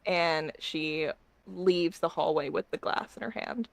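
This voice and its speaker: A woman's voice: on the low side, measured pace, creaky, dry recording. A young woman serving as dungeon master, narrating the game casually, with frequent fillers, laughter and swearing. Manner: laughing, profane, rambling fillers.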